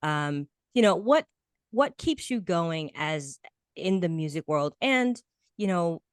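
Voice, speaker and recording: A woman's voice: fairly low pitch, animated, slow pace, smooth, dry recording, clean studio sound. Gushing woman podcast host. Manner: effusive, repeats praise, many restarts. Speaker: podcast host interviewing a guest. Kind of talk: casual interview chat.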